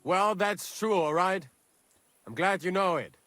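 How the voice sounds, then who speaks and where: This is a brawny, bullying guard in a video game, sneering and spoiling for a fight with a rather high, pushy voice. Soft music plays under the lines. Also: male voice, measured pace. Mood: threatening. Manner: taunting, threatening. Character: hostile burly male camp guard, bullying.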